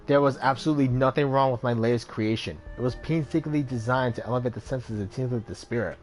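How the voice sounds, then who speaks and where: A man's voice: mid-range voice, fast, faint music behind, close to an everyday voice. A man voicing a smug, suave male street dealer in a video game, speaking in a cool, evasive way.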